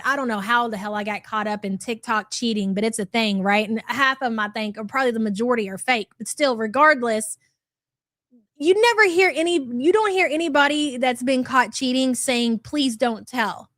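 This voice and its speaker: A woman's voice: a little high, a little fast, fairly bright tone, no echo, studio quality. A woman hosting a livestream, reacting to clips with blunt, profane commentary and reading out super chats. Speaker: commentary channel host.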